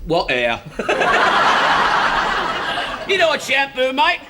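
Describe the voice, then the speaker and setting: A man's voice: extremely high pitch, wildly swooping pitch, very slow, heavy background noise. A man in a 1970s sitcom, trading cheeky jokes about paint. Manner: cheeky, jokey banter. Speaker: sitcom character, bus driver son.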